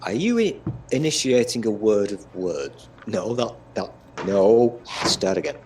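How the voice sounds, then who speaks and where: A man's voice: fairly low pitch, very animated, measured pace, hardly any pauses, darkish tone, slight background noise. A British man in casual chat, swearing freely and bragging in a teasing, mock-boastful way. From Britain.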